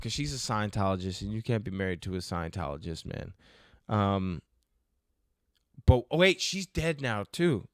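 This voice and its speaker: A man's voice: lowish voice, expressive, moderate pace, no echo, studio quality. A man hosting a podcast alone, answering listener questions in a joking, rambling, self-mocking way. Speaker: podcast host. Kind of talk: casual solo Q&A.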